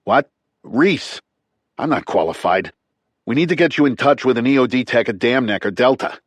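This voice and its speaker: A man's voice: mid-range voice, normal speed, husky, no room sound, voice pushed up. A man reading a wry Chicago-accented explosives expert. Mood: steady. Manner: steady, wry, instructive. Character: calm, dry-humored male explosives expert. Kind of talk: audiobook character reading.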